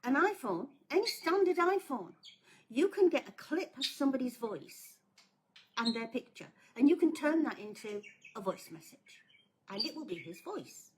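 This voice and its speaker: A woman's voice: high voice, big pitch swings, normal speed, a little hiss or hum. Blunt woman warning about scams. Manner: blunt, earnest, pleading. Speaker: scam awareness advocate. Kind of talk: casual warning talk to viewers.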